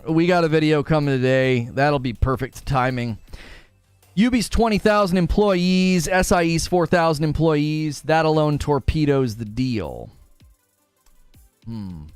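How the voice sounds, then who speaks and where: Animated male streamer with dry close mic. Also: fairly high pitch, smooth, no echo. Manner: animated, argues both sides, reads chat aloud. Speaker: livestream host. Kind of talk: casual live stream commentary.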